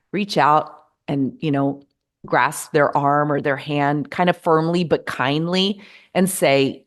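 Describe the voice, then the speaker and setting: A middle-aged American woman speaks in a slightly low voice, earnest and measured. Her advice comes in a gently encouraging monologue, each point laid out steadily. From United States. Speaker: podcast host.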